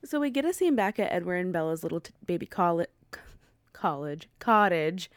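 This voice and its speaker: A young woman co-hosting a podcast in casual chat, chatty and quick to laugh, with playful quoted asides. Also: on the low side, very animated, dry recording, studio quality. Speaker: podcast co-host.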